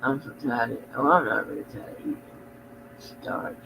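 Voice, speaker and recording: A man's voice: medium pitch, fast, gravelly, noisy background. A very sleepy man hosting a casual livestream, rambling and drowsy, trailing off into mumbles as he yawns. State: very sleepy, yawning. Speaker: livestream host.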